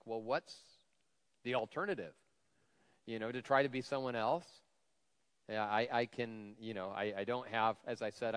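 A man's voice: lowish voice, clean tone. A male lead pastor giving a conversational sermon with a slightly whiny voice, self-deprecating humor and frequent fillers. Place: church sanctuary. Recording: long hall reverb.

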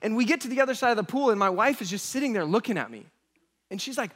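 A man's voice: high voice, lively intonation, very fast, a bit bright. A man in his thirties preaching a sermon as pastor, telling funny stories with self-mocking humor and acting out the voices of the people in them. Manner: humorous storytelling, acts out quoted voices. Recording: long hall reverb.

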